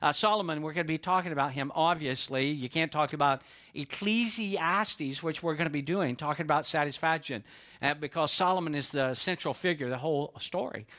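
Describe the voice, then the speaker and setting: A man's voice: fairly high pitch, a little fast, pushed and bright. A man preaching a sermon as pastor, conversational and folksy, telling a joke story before the message. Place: church.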